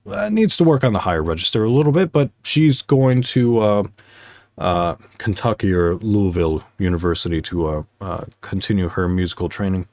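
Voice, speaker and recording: A man's voice: fairly low pitch, no echo, clean studio sound. A man hosting a casual solo podcast, talking in a rambling, heartfelt way with many fillers and restarts. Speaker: podcast host.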